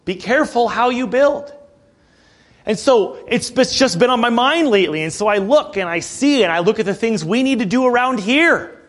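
A man preaching a sermon in a conversational, animated way, with frequent asides to the congregation. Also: very high-pitched, moderate pace. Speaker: pastor.

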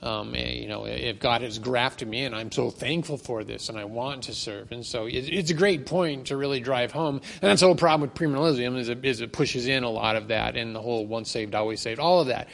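A man adding to a Bible study discussion with eager agreement. His mid-pitched voice is heavily gravelly with vocal fry. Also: a little fast, few pauses.

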